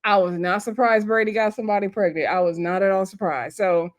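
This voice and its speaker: A woman's voice: mid-range voice, fairly even intonation, a little fast. Chatty woman recapping a TV episode. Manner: chatty, laughing storyteller who acts out quotes. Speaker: TV show reviewer.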